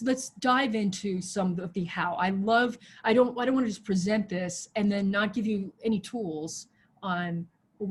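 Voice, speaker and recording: A woman pastor preaching a sermon over a video call, swinging from loud, soaring exhortation to a hushed prayer voice. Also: medium pitch, slight background noise. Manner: impassioned, rises loud then drops to hushed prayer. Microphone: video call mic.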